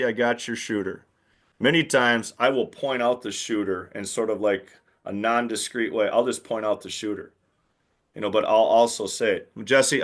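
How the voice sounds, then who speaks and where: A man's voice: mid-range voice, a bit bright. Man coaching new referees, emphatic. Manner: emphatic, plain-spoken, demonstrates calls aloud. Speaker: basketball officiating instructor. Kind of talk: instructional talk to new officials.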